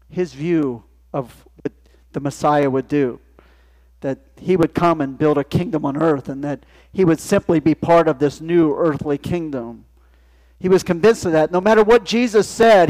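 A man's voice: on the high side, measured pace, darkish tone. A male pastor preaching a sermon in church, talking conversationally and asking his listeners rhetorical questions.

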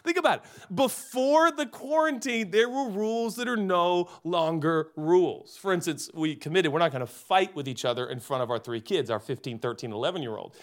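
A man in his forties preaching a comedic sermon, animated and jokey, turning earnest. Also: on the high side. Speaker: pastor.

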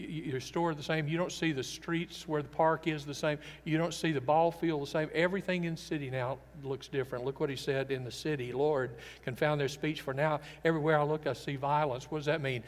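A man's voice: fairly high pitch, steady tone, brisk, hardly any pauses. Earnest preaching man in a reverberant hall. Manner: earnest, emphatic preaching with sudden loud and soft swings. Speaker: pastor. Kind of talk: sermon. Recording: long reverb of a large hall.

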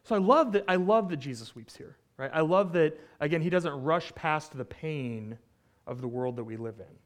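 Animated male preacher, slightly high voice. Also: moderate pace. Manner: conversational, animated, often asks "right?". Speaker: pastor. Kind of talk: sermon.

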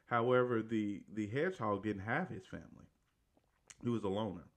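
A man with a somewhat low voice talks his way through a movie plot in an easygoing, colloquial manner. He keeps restarting and correcting himself, checking in with a loose "right?" as he goes. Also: moderate pace. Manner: rambling, with frequent restarts and self-corrections. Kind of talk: casual retelling of a movie plot.

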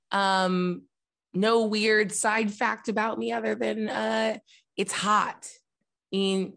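Woman, gravelly fry in her voice, wry playful chat as a game player. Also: mid-range voice, fairly bright tone. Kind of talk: casual live-stream chat.

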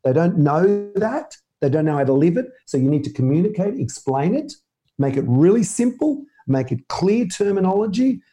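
A man, a mindset coach answering interview questions in an energetic, emphatic way. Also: high-pitched, faint music behind. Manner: energetic, emphatic, animated with quick bursts.

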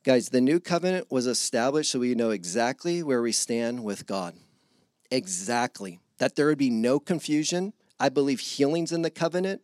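A man preaching a casual, animated sermon to his congregation, acting out little dialogues with God. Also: mid-range voice, normal speed, no room sound, clean studio sound. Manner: animated, acts out God and listeners in voices.

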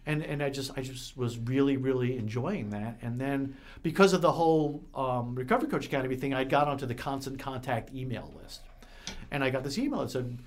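A man's voice: medium pitch, brisk. Rambling, emotional man telling his story. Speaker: guest, recovery center manager. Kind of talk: casual conversation.

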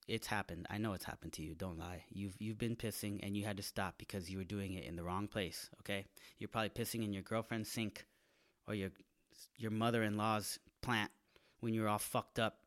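A comedian hosting his own podcast launches into a casual, crude monologue packed with slang and acted-out voices. His voice is on the low side and somewhat bright.

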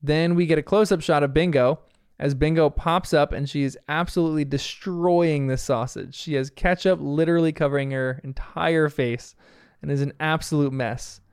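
A man's voice: a little high, steady tone, normal speed, a little mellow, clear, resonant tone, no room sound, clean studio sound. A man casually recapping a cartoon episode scene by scene, chatty and often laughing. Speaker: TV episode reviewer.

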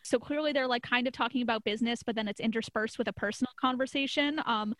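A young woman co-hosting a podcast, chatting casually as she recaps a TV episode, full of "like" fillers and quick laughs. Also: fairly high pitch, fairly bright tone, no echo. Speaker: podcast co-host.

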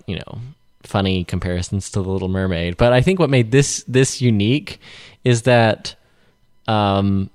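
A man hosting a relaxed movie chat, rambling and restarting his sentences as he thinks aloud. His voice sits fairly low, and the recording is dry and close with no room sound. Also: smooth, no room sound. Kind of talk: casual film review chat.

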